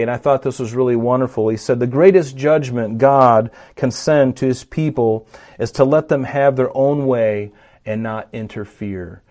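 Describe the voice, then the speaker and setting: Male pastor, mid pitch, teaching sermon, talky with restarts, lifts volume on scripture. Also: a little mellow. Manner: teaching, rising in force on scripture quotes; conversational with frequent fillers and restarts.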